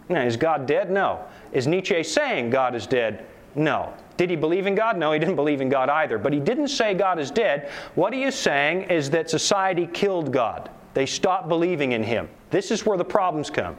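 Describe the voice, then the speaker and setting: Animated high-voiced male preacher. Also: normal speed. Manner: animated, asks the audience rhetorical questions. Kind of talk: sermon lecture to a live audience.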